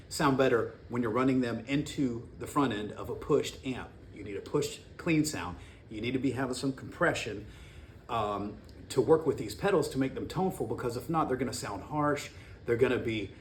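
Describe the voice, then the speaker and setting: A man chatting casually about guitar pedals in a rambling, slangy way, at home. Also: lowish voice. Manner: rambling, slangy, self-interrupting. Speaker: guitar gear vlogger. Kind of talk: casual pedal demo talk. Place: home with a dishwasher running. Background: faint dishwasher noise.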